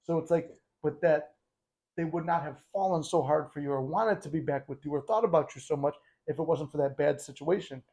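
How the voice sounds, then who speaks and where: A man's voice: on the high side, a little fast, dark tone, dull audio. A man hosting a casual motivational talk, speaking conversationally and bluntly with the odd swear. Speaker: host.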